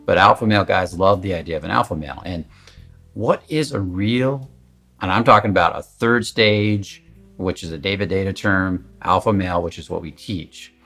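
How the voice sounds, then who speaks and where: A man's voice: low voice, brisk, fairly bright tone, faint music behind. A man giving a candid, emphatic coaching talk in a casual, conversational way, swearing at times. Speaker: confidence coach.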